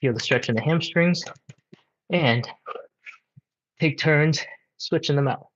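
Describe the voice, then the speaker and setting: A man's voice: a little high, takes it slowly, fairly bright tone, lo-fi sound. A man leading a live home stretching workout, counting reps and coaching casually, a bit out of breath. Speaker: stretching instructor.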